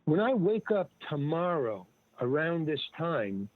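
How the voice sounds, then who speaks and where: A man's voice: fairly high pitch, very animated, a little slow, no echo. An older man telling stories in a rambling, digressive way, often restarting and quoting other people. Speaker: guest. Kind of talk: rambling casual storytelling. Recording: tinny phone-like line, dry.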